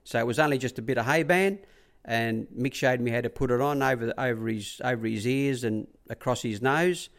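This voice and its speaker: A man's voice: medium pitch, a little fast. A middle-aged Australian man, a former track rider, telling rambling stories in a casual interview, acting out what others said and repeating "I said" often. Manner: rambling anecdotes, acts out quoted dialogue, repeats "I said".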